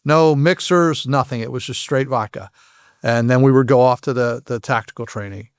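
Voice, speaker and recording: A man's voice: medium pitch, smooth, no room sound, studio quality. A man who used to be an FBI agent, telling frank stories as a podcast guest and often restarting his sentences. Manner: frank, halting, with frequent restarts. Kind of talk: anecdotal storytelling in a podcast interview.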